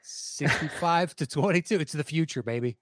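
A man's voice: on the high side, a bit bright, no echo. Upbeat male podcast game host. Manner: upbeat, reads clues in a slow deliberate cadence.

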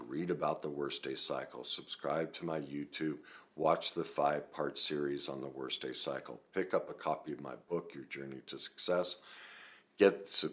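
Man, very low voice, self-help coach, talking straight to camera, animated, acts out quotes. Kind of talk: video talk to viewers.

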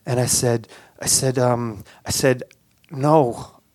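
A man telling a personal story aloud, halting and repeating words, with animated sound effects. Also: medium pitch, no room sound.

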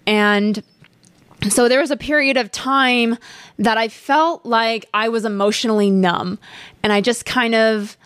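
A young woman hosts her podcast in a candid, chatty way, telling personal stories with lively asides to her listeners. Her voice sits a little high. The sound is dry and close, with no room echo. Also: unhurried, smooth. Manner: chatty, candid, animated storytelling. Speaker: podcast host. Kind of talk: casual chat.

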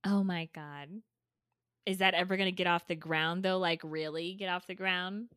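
A woman co-hosts a podcast in casual chat, playful and teasing, and saying "like" constantly. Her voice is on the low side, clear, resonant, and fairly bright, with fairly even intonation and a moderate pace. The sound is clean studio audio with no room sound.

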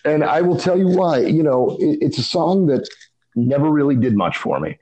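A man's voice: on the high side, lively intonation, warm tone, lo-fi sound. A man co-hosting a casual music podcast, talking thoughtfully with many restarts. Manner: thoughtful, halting, with frequent restarts. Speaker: podcast co-host.

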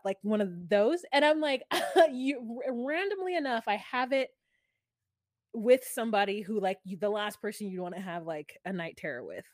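A woman with a fairly high voice co-hosts a podcast, chatting casually and laughing often as she tells animated stories. The sound is dry and close, with no room around her. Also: moderate pace, dry recording. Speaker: podcast co-host. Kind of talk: casual chat.

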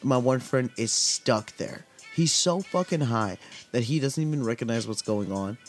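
Speaking at a moderate pace with lively intonation, this young man from Southern California's desert valley tells a laid-back podcast story full of swearing and filler words. His voice is mid-range, and faint music can be heard behind him.

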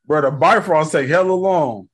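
A young man in casual chat, animated and slangy, acting out lines in voices. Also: a little high, normal speed, slightly rough.

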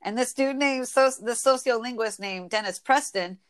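Michigan woman in her 20s, inland north accent, nasal, chatty, laughs a lot. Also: fairly high pitch. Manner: chatty, laughs often, quick when excited. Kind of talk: casual chat.

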